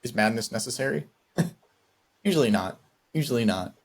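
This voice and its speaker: A man co-hosting a podcast in casual chat, reflective and measured as he thinks aloud. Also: mid-range voice, expressive. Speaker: podcast co-host.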